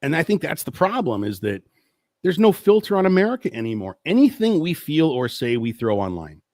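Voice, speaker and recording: A man's voice: on the high side, sing-song, brisk, a little mellow, dry recording. Profane ranting man, very dry sound. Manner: profane, exasperated, rambling. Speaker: host. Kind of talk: live-stream rant.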